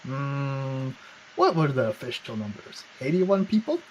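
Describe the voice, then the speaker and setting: A man's voice: mid-range voice, sing-song, a little slow, a little mellow, lo-fi sound. A man co-hosting a casual political chat, rambling with sarcastic asides. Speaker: podcast co-host.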